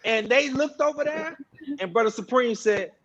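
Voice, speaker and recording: A man telling animated stories in a panel discussion, acting out the voices of people he quotes. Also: very high voice, moderate pace, muffled recording, a little hiss or hum. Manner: conversational, acts out quoted voices. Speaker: guest, social media organizer.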